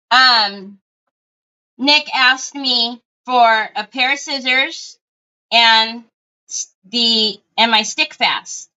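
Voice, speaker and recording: A woman's voice: a little high, pushed and bright, smooth, highs cut off. A middle-aged woman, chatting casually with viewers while crafting on a livestream and telling stories. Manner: chatty storyteller, talks to viewers as y'all.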